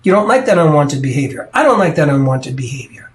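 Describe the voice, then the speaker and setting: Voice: medium pitch, very animated, fast talker. A coach giving an earnest teaching talk, stressing and repeating key points to the listener.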